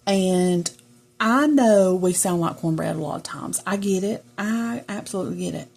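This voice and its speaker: A woman's voice: on the low side, normal speed, vocal fry, a little mellow, breathy edge. A middle-aged woman with a Southern US accent, chatting casually and rambling to viewers while she journals. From Southern United States. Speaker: journaling vlogger. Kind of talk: casual chat while crafting.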